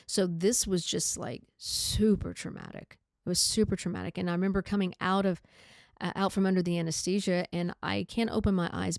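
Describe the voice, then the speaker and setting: A podcast host telling her own story, candid and halting, with many pauses and fillers. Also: mid-range voice, vocal fry, darkish tone, no room sound, studio quality. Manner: candid, halting, reflective, says like often. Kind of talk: personal storytelling.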